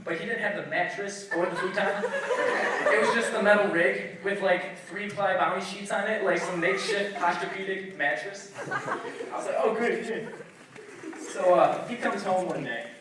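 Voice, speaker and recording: Young man doing stand-up in an echoey room. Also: sits high. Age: young adult. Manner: storytelling, acts out voices with loud outbursts. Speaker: stand-up comedian. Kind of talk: stand-up comedy set. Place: comedy night venue, audience laughing. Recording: echoey room, distant mic, noisy.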